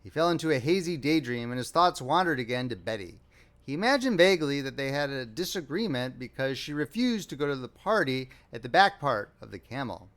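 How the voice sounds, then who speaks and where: A man narrating a classic short story as an audiobook reader, with a wry, expressive delivery. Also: medium pitch, a little fast. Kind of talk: scripted narration.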